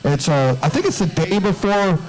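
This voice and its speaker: A man's voice: high voice, sing-song, moderate pace, low-quality recording. A man hosting live radio, rambling with friendly chat and lots of fillers. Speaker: radio show host.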